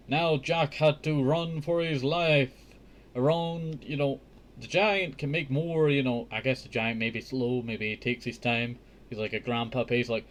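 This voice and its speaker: A man's voice: mid-range voice, slow. A man hosting a casual storybook reading, breaking off into chatty, joking asides. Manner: chatty, joking asides, says "I tell you" often. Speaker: host reading a children's book.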